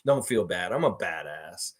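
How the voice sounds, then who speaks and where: A man hosting a casual sports livestream, reading viewer comments aloud and answering them bluntly, swearing freely. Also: low voice. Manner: talks about himself in the third person.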